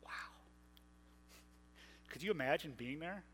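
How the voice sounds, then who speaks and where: A man's voice: fairly high pitch, lively intonation, takes it slowly, a bit bright, long reverb tail, a little hiss or hum, poor audio. A man preaching a sermon, retelling scripture in a conversational way and slipping into playful modern paraphrases.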